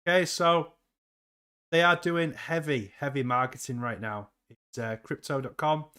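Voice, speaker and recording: A slightly high-voiced man hosting a relaxed crypto livestream. He talks in an upbeat, rambling way, reacting to the market and reading out chat messages as he goes. His delivery is loose and conversational. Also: measured pace, smooth. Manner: upbeat, chatty, reads chat aloud.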